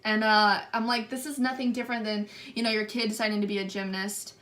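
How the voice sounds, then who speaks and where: Bright-voiced young woman telling a story. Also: medium pitch, fast. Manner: animated retelling, acts out quotes. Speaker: vlogger. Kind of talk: storytime vlog.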